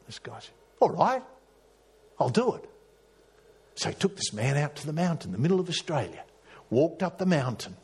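A man preaching with a husky, slightly breathy voice, pitched a little above most men. He tells a story from the pulpit, climbing into emphatic peaks and then falling back into hushed, earnest tones. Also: very animated, a little fast. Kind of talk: sermon.

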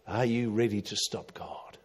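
A middle-aged man preaching a sermon, swinging from loud emphatic calls to quiet, low asides. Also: little pitch movement, unhurried. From Australia. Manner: dramatic, rising to loud emphatic calls then dropping quiet. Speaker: pastor.

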